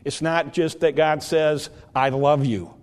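A man preaching a sermon, slow and deliberate, drawing out the scripture he quotes. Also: on the high side, steady tone. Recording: long hall reverb.

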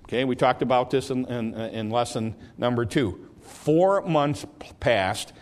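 A man teaching a Bible study lesson, explaining in a halting way and often repeating words as he goes. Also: mid-range voice, steady tone. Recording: long reverb of a large hall.

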